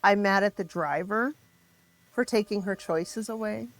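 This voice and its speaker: A middle-aged woman with a mid-range voice shares her story as a podcast guest, raw and emotional. She halts and restarts as she goes, telling it candidly and personally.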